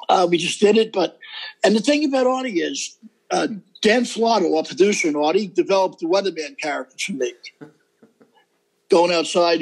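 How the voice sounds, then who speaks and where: Middle-aged man, high-pitched, husky, emphatic, rambling interview guest. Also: a little mellow, low-quality recording. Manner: emphatic, rambling, seeks agreement. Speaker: guest, comedian and impressionist. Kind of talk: casual interview chat.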